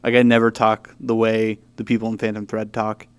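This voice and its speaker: Young male podcast host, clean resonant voice, lively casual chat with frequent laughs. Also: lowish voice, a little fast, smooth. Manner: animated, laughs often. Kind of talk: casual chat about movies.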